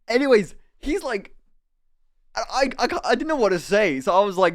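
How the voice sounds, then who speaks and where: A young man telling a story casually on a live stream, animated and quick to laugh, swearing freely. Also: extremely high pitch.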